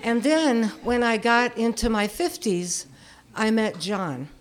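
A woman's voice: a little high, takes it slowly. Candid woman in her seventies, storytelling. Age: 70s. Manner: candid, self-deprecating, chuckling. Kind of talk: personal storytelling.

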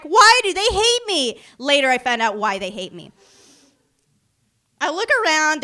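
A young woman telling a funny story about her own past to the camera, animated and self-mocking, acting out the other people's voices as she goes. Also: sits high, smooth. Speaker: vlogger. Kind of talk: storytime anecdote.

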